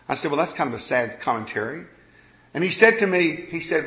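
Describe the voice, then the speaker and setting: A man's voice: a little high, expressive, brisk. Earnest preacher man in echoey room. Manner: earnest, conversational, swings from quiet to emphatic. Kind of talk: sermon.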